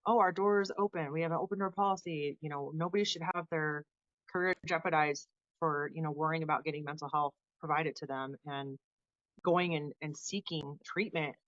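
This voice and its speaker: A woman in her thirties, a guest on an interview show, telling her story in a casual, animated way and acting out the people she quotes. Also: low voice, normal speed, dry recording, dull audio. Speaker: podcast guest, Air Force veteran.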